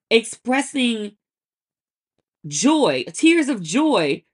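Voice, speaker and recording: A woman's voice: fairly high pitch, a bit bright. A woman podcast host giving casual, opinionated pop-culture commentary in a chatty, sassy way.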